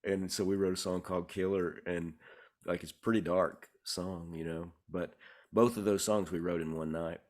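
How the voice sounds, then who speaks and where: A man, a songwriter guest, telling stories in a relaxed, rambling way, with many fillers and restarts. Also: sits low, moderate pace. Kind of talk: conversational interview storytelling.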